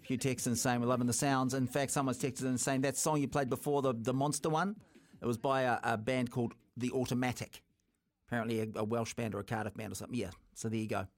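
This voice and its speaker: Chatty kiwi guy hosting sports radio, mid-pitch voice, lively banter. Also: quick pace. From New Zealand. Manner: chatty, animated, teasing co-host. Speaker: radio sports show host. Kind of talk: casual sports radio chat.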